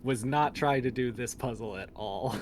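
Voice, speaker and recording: A man chatting casually with a friend on a game stream, explaining things in a relaxed way. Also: medium pitch, normal speed. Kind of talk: casual chat.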